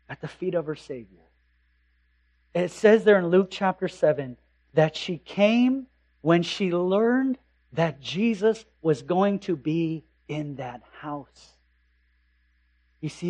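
A man preaching a sermon as pastor, impassioned, rising to loud emphasis and dropping to hushed tones, with rhetorical questions. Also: fairly high pitch. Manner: slow, deliberate delivery with rhetorical questions.

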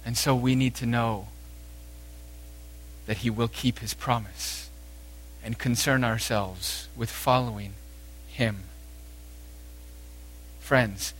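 A male preacher delivering a sermon at an unhurried, deliberate pace. His voice sits in an ordinary middle pitch. He swings between raised, emphatic exhortation and quiet, intense passages.

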